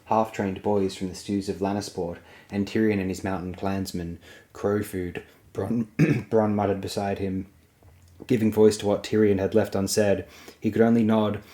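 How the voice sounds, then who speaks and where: Low, flat-voiced male audiobook reader. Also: moderate pace. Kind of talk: fantasy audiobook narration.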